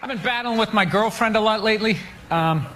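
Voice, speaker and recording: A male stand-up comedian ranting through his routine, often bursting into shouts, on a club stage with a handheld mic. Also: high-pitched, a little fast. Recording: noisy live club recording. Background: audience laughter.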